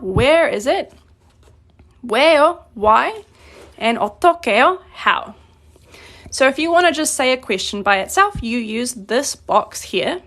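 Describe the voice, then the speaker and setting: A woman's voice: fairly high pitch, a bit bright. A young woman teaching a casual Korean grammar lesson, reading out example questions and explaining them in English with plenty of fillers. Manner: explains plainly with many fillers, reads Korean examples then translates.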